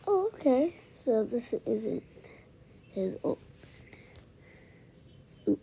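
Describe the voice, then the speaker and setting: A woman chatting casually over gameplay on her own microphone, rambling and dropping into soft asides, with a high, pitchy voice. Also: sing-song, drawn-out words, gravelly, husky. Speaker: gaming channel host. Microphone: own desk microphone. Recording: noisy home recording with hiss and clicks.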